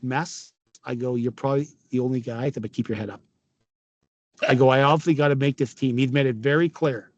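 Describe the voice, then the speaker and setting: A former pro hockey player in his fifties with a Canadian accent is a podcast guest, telling stories in a casual chat while swearing, laughing and acting out what others said. His voice is mid-range, the recording has no room sound, and the highs are cut off.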